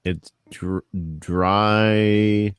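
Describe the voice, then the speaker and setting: A man's voice: lowish voice, level tone, very slow, smooth, dry recording, studio quality. A man co-hosting a casual crossword chat, laid-back with short chuckling replies.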